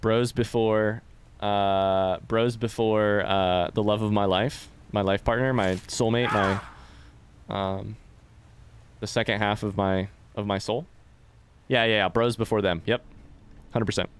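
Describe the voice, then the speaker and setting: A man's voice: lowish voice, fairly even intonation, unhurried, clean tone. Joking, rambling young man streaming games. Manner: rambling, joking and swearing, chatting to viewers. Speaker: let's play streamer. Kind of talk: live gameplay commentary.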